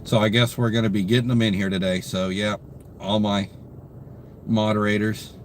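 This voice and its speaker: A man's voice: on the low side, little pitch movement, moderate pace, a little hiss or hum. A tired young man hosting a casual live stream, greeting viewers by name and chatting with lots of fillers. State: tired, yawning. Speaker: livestream host. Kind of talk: casual live-stream chat reading comments.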